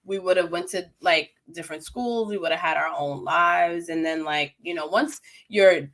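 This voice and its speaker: Bright-voiced woman, laughing and cursing. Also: fairly low pitch, moderate pace. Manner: laughs often, swears, animated. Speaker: co-host. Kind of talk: casual chat.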